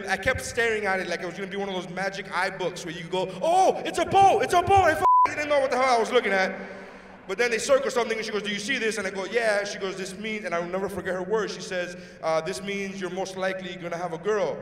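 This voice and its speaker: A man working a comedy club stage with a high, quick delivery and animated storytelling that acts out every part. The sound comes from a distance and rings in a long hall reverb. A faint hum sits underneath. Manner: animated storyteller acting out voices. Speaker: stand-up comedian. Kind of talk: stand-up set. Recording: echoey hall from far off.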